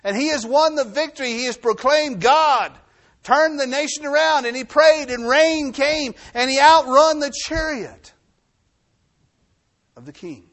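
A man preaching a sermon, reading scripture aloud and then explaining it, swinging between forceful bursts and low hushed phrases. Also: a little slow. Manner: reads scripture then preaches with rising and falling intensity; drops to a low hushed voice for emphasis. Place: New Mexico.

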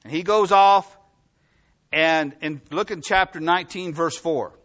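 Preacher man with big loudness swings. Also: on the high side, a little slow. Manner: swings from loud emphatic reading to quiet asides. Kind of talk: sermon, reading scripture aloud.

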